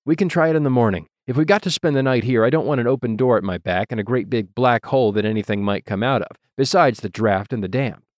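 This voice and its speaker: A man's voice: mid-range voice, quick pace, hardly any pauses, dry recording, close to an everyday voice. A man reading the lines of an anxious, tender-hearted young girl who is a queen, in a fretful, pleading way.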